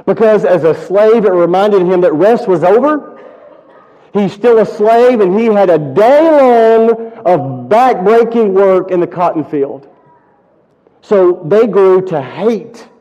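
High-voiced preacher in an echoing hall. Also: male voice, lively intonation, takes it slowly, dark tone. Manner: storytelling preacher, rising to emphatic peaks. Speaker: pastor. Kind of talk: sermon. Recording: muffled audio with long hall reverb.

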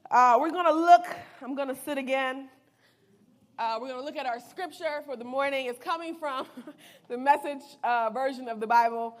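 High-voiced woman preaching casually. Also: normal speed. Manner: playful, retells scripture in slang. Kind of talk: casual sermon with Bible reading.

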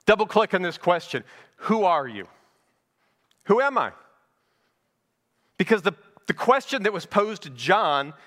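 In a church sanctuary with a long reverb tail, a middle-aged male pastor with a fairly high, pushed, bright voice preaches verse by verse. His sermon is conversational, and he poses rhetorical questions along the way.

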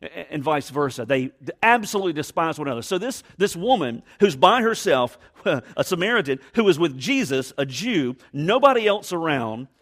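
A man preaches a sermon with a fairly high voice for a man. He reads verses aloud and explains them, pressing hard on key words and then dropping to a hushed tone. He acts out the people he quotes. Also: moderate pace. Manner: expressive, acts out quoted voices, swings from loud emphasis to hushed tones. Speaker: pastor.

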